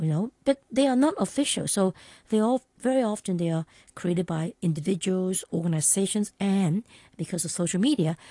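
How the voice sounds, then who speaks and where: Woman just chatting, lots of "you know", husky mellow voice. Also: medium pitch, dry recording. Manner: chatty, rambling, many fillers and restarts. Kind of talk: casual conversational chat.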